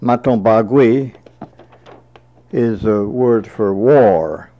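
A man slowly reading through a word list, giving each entry and its translation, sometimes repeating a word. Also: lowish voice. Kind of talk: slow dictionary reading with translations. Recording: dull lo-fi recording.

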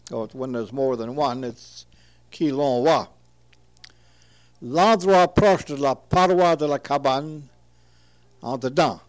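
Slow, careful man reading word glosses. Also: mid-range voice. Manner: reads each entry aloud, repeats native words carefully and explains them. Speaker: translator of an old word list.

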